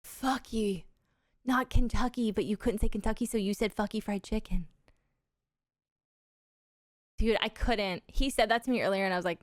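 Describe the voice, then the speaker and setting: A young adult woman livestreaming, chatting casually with viewers in animated stories full of swearing and laughter. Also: medium pitch, brisk, no room sound, studio quality.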